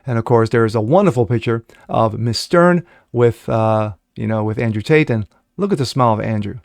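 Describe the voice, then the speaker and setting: Man, sarcastic news commentary, mocking asides, middle pitch, dry room. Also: a little fast, vocal fry, no room sound. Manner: sarcastic, mocking asides between read-out passages. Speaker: commentary vlogger. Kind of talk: sarcastic news commentary reading articles aloud.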